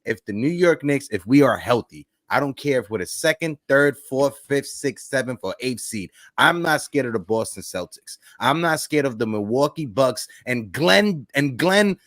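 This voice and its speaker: A man's voice: mid-range voice, lively intonation, moderate pace, few pauses, no room sound, studio quality. Hyped man hosting a sports chat. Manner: hyped, gives shout-outs. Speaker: host.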